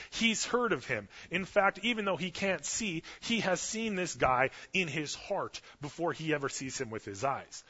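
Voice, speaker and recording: Animated preacher in a reverberant hall. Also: male voice, fairly high pitch, husky. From Canada. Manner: animated storytelling preacher, casual fillers. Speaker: pastor. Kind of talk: sermon. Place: church sanctuary. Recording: dull lo-fi audio with long church reverb.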